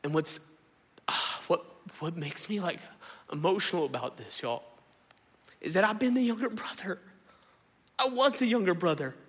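A man, preaching a sermon in a lively, conversational way and often turning to the congregation. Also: high-pitched, normal speed, pauses often, slightly rough. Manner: animated, conversational preaching, addresses crowd as y'all. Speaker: pastor. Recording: echoey hall.

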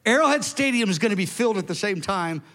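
Older male preacher, 70s, high voice, emphatic storytelling, big echoing sanctuary. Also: fast talker. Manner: animated, emphatic, conversational asides. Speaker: pastor. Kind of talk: sermon storytelling. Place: large church hall. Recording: long hall reverb.

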